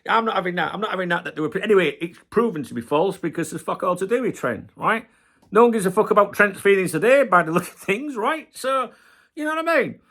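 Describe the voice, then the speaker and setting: A man's voice: high-pitched, expressive, brisk, fairly bright tone. A middle-aged man hosting a football channel, ranting passionately and swearing heavily in a casual video.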